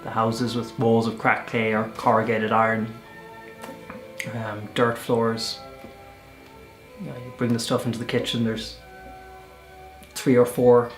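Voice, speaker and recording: A man's voice: mid-range voice, a little slow, pauses often, echoey room, soft background music. Chatty Irish man telling stories. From Ireland. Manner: chatty, animated storyteller with self-corrections. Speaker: volunteer vlogger. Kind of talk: casual storytelling vlog.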